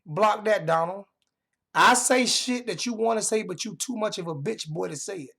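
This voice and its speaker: Gravelly high-voiced man ranting. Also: normal speed, fairly bright tone. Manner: confrontational, trash-talking chat members; repeats phrases for emphasis. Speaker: livestream host. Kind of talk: heated livestream rant. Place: home.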